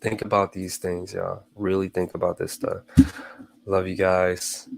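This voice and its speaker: A man's voice: low voice, little pitch movement, a little slow, creaky. A man hosting a motivational talk, speaking casually, repeating phrases for emphasis and calling his listeners y'all. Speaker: host.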